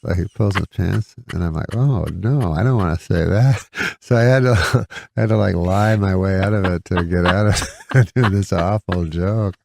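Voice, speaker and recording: A man with a low, gravelly voice spins long, rambling anecdotes in a dry, deadpan manner, often breaking into a chuckle at his own tales. The sound is close and dead, with no room around it. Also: normal speed, dry recording. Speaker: comedian guest. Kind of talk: casual anecdote storytelling.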